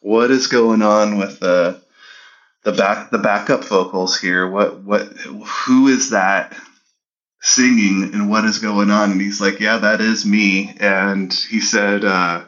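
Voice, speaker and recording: A man's voice: on the low side, fairly even intonation, slow, fairly bright tone. A man co-hosting a podcast, chatting casually about an album and rambling with many restarts. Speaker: podcast co-host. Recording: dull lo-fi audio.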